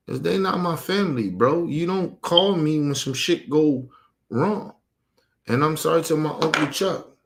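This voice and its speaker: A man with a somewhat high voice pours out an angry, profane rant about his family. He talks emphatically and hammers his points home, sounding like a streamer venting to his viewers. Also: gravelly. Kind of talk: heated personal rant.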